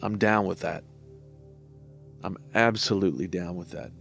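Candid man in his forties, low-pitched. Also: normal speed, gravelly, fairly bright tone, soft background music. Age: 40s. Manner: candid and self-deprecating, swearing casually, laughing at himself. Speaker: musician talking through his own albums. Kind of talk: reflective podcast monologue.

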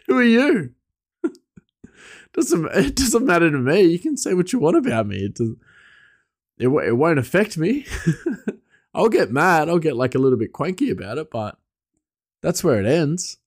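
A man's voice: on the high side, sing-song, normal speed, pauses often, a little mellow, no room sound, studio quality. A man who works as a chef, telling a personal story in a casual, rambling way with lots of fillers. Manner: rambling, many fillers and restarts, laughs often.

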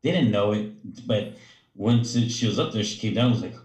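A man's voice: lowish voice, expressive, brisk, a little mellow, reverberant. A man who coaches gymnastics, telling a story in casual chat, rambling with many fillers and acting out quotes. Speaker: gymnastics coach, podcast co-host.

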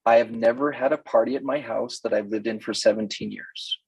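A man's voice: medium pitch, steady tone, a little fast, vocal fry, a little mellow, slightly rough, dry recording, poor audio. An older man coaching women in a playful talk, often mimicking other people's voices. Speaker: relationship coach.

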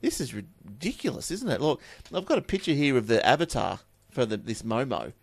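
With a medium-pitched, very animated voice marked by vocal fry, this Australian tech-podcast host reads the news at a brisk clip. He mixes casual chat and offhand remarks into the stories, recorded close and dry with no room sound.

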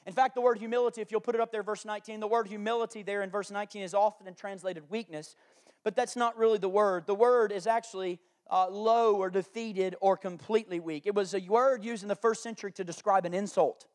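Pastor, male, higher voice, sermon delivery, shifts between bold proclamation and hushed storytelling. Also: steady tone, fast talker. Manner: emphatic preaching, moving between loud declarations and quiet storytelling. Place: church.

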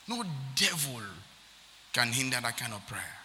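Pastor guy preaching hard, high bright voice, big echoey hall. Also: big pitch swings, moderate pace. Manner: emphatic, repetitive, reading scripture aloud. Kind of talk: sermon.

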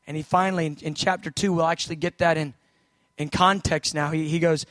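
A man delivers a sermon in a high, bright voice. He climbs to shouted urgency, then sinks to a hushed, low telling as he acts out the prophet's pleas. The sound is dry and close. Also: steady tone, normal speed, dry recording. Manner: swings from shouted urgency to hushed low storytelling, acting out quoted prayers. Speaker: preacher.

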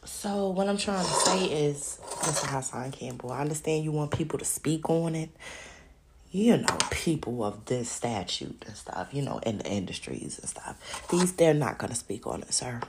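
A woman's voice: low voice, moderate pace, noisy background. A woman hosting a podcast and ranting in a casual, profane, rambling monologue. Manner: animated, profane, rambling rant. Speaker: podcast host.

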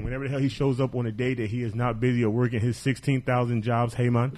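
A man running a podcast, plugging upcoming shows in a loose, joking way full of swearing. His voice sits at a middle pitch, and his delivery stays easygoing and chatty. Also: level tone, fast talker, few pauses, darkish tone. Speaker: podcast host. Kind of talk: casual podcast chat with show plugs.

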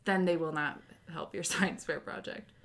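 A woman in her thirties with a slightly low voice tells stories in a relaxed conversation. She acts out what people said and keeps an animated, playful energy. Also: moderate pace. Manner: animated storyteller, acts out quotes. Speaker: podcast co-host. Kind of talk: casual chat, storytelling.

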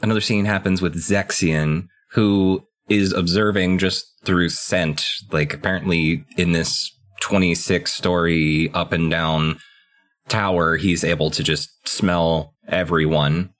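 A man co-hosting a podcast, chatting casually as he recaps a video game and breaks into quick, excited rushes of speech. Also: low-pitched. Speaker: podcast co-host.

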